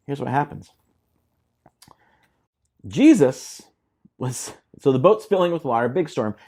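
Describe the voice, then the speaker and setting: A man preaching a sermon as a pastor, animated, acting out quoted voices with laughs. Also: medium pitch, husky. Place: church.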